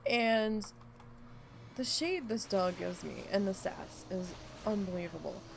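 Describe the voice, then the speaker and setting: A woman with a medium-pitched, unhurried voice and some vocal fry chats casually on a live game stream, with a faint hiss or hum in the audio. Stuffy and losing her voice to allergies, she rambles through a story and acts out the lines she quotes, getting animated whenever she voices her dog.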